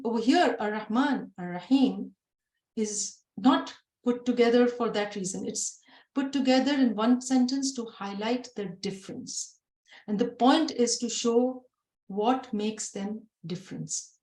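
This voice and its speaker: A woman's voice: on the high side, darkish tone. A woman giving a religious lesson, explaining patiently with everyday examples and asking rhetorical questions she answers herself. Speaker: Quran teacher. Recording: echoey room.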